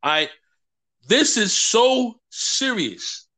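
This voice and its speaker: A man's voice: high voice, extremely slow. A man as a podcast guest, animatedly telling stories and acting out what people said. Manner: animated storyteller acting out quotes. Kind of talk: casual conversation.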